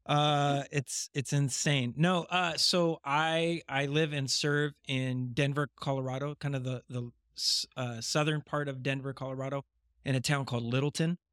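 A man speaking as a guest on a casual podcast, relaxed and often pausing with fillers, close to the microphone. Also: mid-range voice, no echo. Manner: relaxed with frequent hesitations. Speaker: worship pastor guest. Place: sitting on couches indoors. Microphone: microphone held close on mini tripod.

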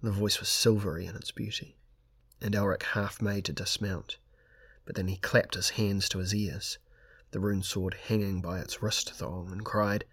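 Low husky male audiobook narrator. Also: steady tone, moderate pace, fairly bright tone, dry recording, studio quality. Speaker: audiobook reader. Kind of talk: scripted narration.

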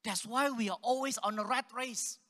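Man from Singapore, lively preacher, bright tone, long hall reverb. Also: extremely high pitch, normal speed. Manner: animated storytelling with laughs and audience questions. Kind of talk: sermon.

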